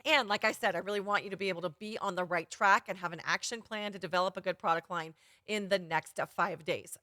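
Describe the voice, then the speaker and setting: A woman's voice: medium pitch, bright, forceful tone, no echo, studio quality. A woman photography business coach giving an upbeat, chatty live-streamed workshop.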